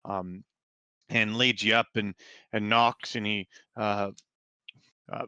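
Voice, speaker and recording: A man narrates a tabletop game as game master, halting and full of fillers. His voice is slow and bright. The sound is dry and close. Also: fairly low pitch, flat delivery, smooth, no echo.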